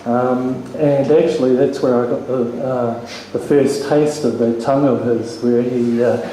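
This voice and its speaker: A man's voice: mid-range voice, steady tone, a little slow, warm tone. A man giving an informal eulogy at a funeral, hesitant and full of ums, with a joking touch. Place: funeral hall. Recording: very echoey hall, faint noise.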